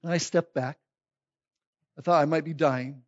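A middle-aged man, a pastor, telling a humorous story from the pulpit in a rambling, animated way, with restarts and sudden loud outbursts. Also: a little high, moderate pace, dry recording, highs cut off.

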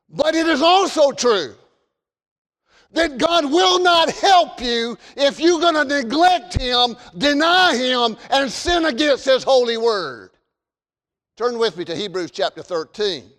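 Southern preacher, high voice, hall reverb. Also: male voice. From American South. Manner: fervent, shouts warnings then drops to folksy storytelling. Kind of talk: sermon.

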